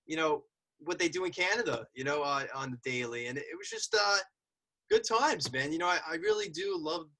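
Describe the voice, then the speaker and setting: A man's voice: a little high, very animated, fairly quick, creaky, pushed and bright. A man from the United States, a podcast host chatting with enthusiasm and slang. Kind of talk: casual podcast chat.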